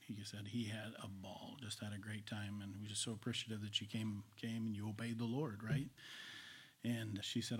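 A male preacher delivering a sermon, storytelling with swings between loud and whispered delivery. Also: fairly low pitch, flat delivery, normal speed, breathy edge.

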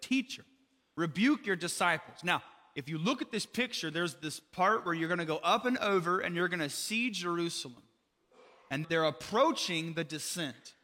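A man's voice: on the high side, sharp tone, in a large hall. A man preaching a sermon in a casual, conversational way, full of fillers and asides. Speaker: pastor.

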